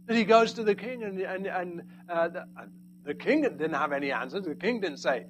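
A man preaching a sermon, swinging between loud emphatic lines and hushed, quiet asides. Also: sits high, lively intonation, moderate pace, background noise.

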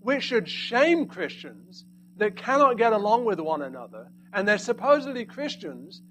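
High-voiced preacher with dramatic swings. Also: male voice, very animated, normal speed, slight background noise, low-quality recording. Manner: dynamic, swinging from loud emphasis to hushed asides. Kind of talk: sermon.

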